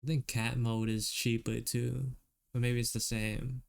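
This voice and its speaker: Man, streamer, casual chat while drawing, relaxed, chuckling, clear smooth voice, unhurried. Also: mid-range voice. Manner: relaxed, chuckling, chatting with viewers.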